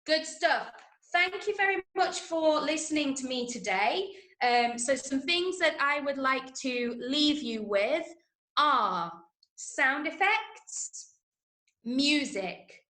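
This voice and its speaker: A woman's voice: high-pitched, lively intonation, slow pace, bright, forceful tone. A woman from Manchester with a Manchester accent, patiently teaching a drama workshop for children and checking in with "okay?". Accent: Manchester English. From Manchester, England. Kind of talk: instructional talk to children. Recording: echoey room.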